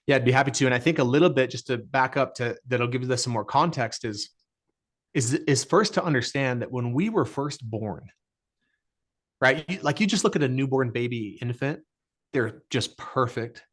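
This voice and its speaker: At a moderate pace and in a mid-range voice, a middle-aged podcast guest delivers motivational talk in an interview. He comes across as earnest and emphatic, often repeating phrases to make them land.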